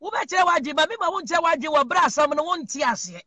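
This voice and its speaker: A high-pitched, bright voice with a Ghanaian accent, addressing viewers in an animated, emphatic way. The speaker switches between Twi and English and keeps repeating words for stress. The sound is close and dry. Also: a little fast, no echo. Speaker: online commentator.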